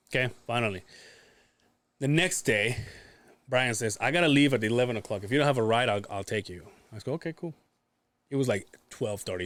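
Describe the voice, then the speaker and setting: Male podcast co-host, mid-pitch, expressive storyteller, heavy swearing, dry studio sound. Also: no echo. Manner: swears often, acts out quoted voices. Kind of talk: casual storytelling chat.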